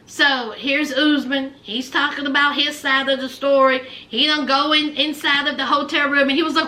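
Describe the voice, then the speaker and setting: A woman's voice: sits high, level tone, normal speed, hardly any pauses, pushed and bright. A woman recaps reality TV in a sassy, dramatic casual vlog. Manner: sassy, dramatic, calls viewers honey. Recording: echoey room.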